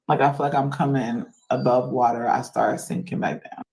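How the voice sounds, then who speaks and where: A woman's voice: a bass voice, fairly even intonation, normal speed, vocal fry, darkish tone, poor audio. A woman on a livestream venting her annoyance to viewers and reading chat comments aloud. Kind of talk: casual venting to a live chat.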